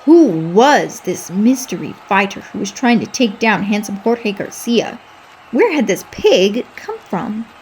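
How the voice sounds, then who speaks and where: A woman reading a children's storybook aloud in a lively, expressive way. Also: mid-range voice, unhurried, slight background noise.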